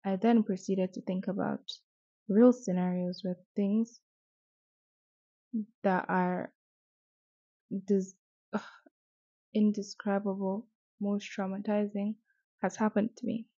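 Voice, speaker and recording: Soft, flat-voiced young Nigerian-born woman. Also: mid-range voice, slow pace, long pauses, no room sound. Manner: soft-spoken, hesitant, with restarts. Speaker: podcast host. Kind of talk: personal reflective monologue. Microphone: distance varies, mic briefly out of reach. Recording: dull, muffled home recording.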